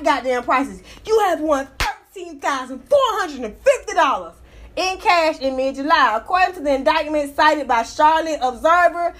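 A woman giving casual, profane, animated commentary while reading a news story aloud. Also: high-pitched. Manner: animated, sassy, profane, laughs often.

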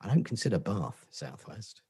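A man from Portsmouth with a husky, slightly low voice and a Portsmouth accent. He is a podcast guest who chats loosely, swears freely and pokes fun at himself. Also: sing-song, moderate pace, darkish tone. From Portsmouth, England. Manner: sweary, self-mocking banter. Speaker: guest, marketing agency founder. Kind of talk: casual podcast chat.

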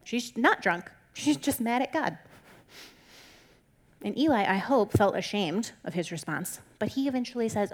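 A woman's voice: on the high side, animated, moderate pace. Candid, conversational woman teaching the Bible. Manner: conversational and candid, with frequent "like" fillers; encouraging and reassuring.

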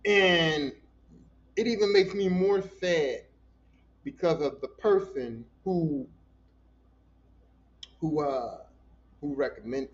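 A man's voice: a little high, takes it slowly, long pauses, slight background noise. A man hosting a podcast in a casual monologue, talking bluntly and profanely, with many repeated words. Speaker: podcast host. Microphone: voice message. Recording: dull lo-fi podcast audio.

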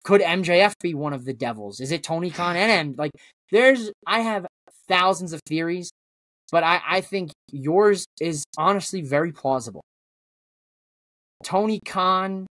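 A man's voice: a little high, a bit bright, dry recording. A man guesting on a wrestling podcast, rambling through theories in casual chat, with lots of restarts.

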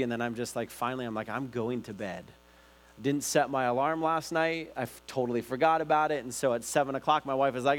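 A man, a pastor, giving a casual, conversational sermon and acting out his own stories with lively energy. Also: mid-range voice.

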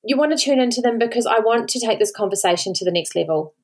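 A woman's voice: on the high side, expressive, fast. An Australian woman, a podcast host and mother, talking earnestly and pleadingly to listeners, near tears, repeating words for emphasis. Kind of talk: solo podcast talk.

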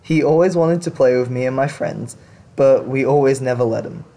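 A man's voice: medium pitch, normal speed, dark tone. A man hosting a show, reading confession stories aloud and reacting to them in blunt, casual talk with some swearing. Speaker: podcast host reading stories.

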